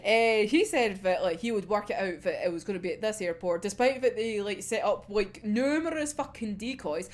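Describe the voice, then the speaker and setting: A woman's voice: medium pitch, lively intonation, moderate pace, hardly any pauses. A young woman with a Scottish accent chatting casually about an anime episode, swearing freely and laughing often. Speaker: anime reviewer.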